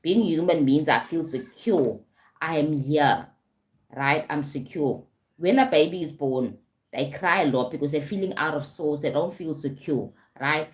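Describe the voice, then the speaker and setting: A woman's voice: low voice, measured pace. A woman with a South African accent, a life coach talking on a live stream, often adding "right?" and "okay?" and greeting viewers.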